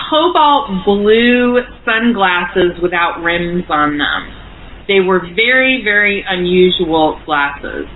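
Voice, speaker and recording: A woman from the United States, a guest telling a long story with many fillers in a phone interview. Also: medium pitch. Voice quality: chatty, full of fillers. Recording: noisy phone line.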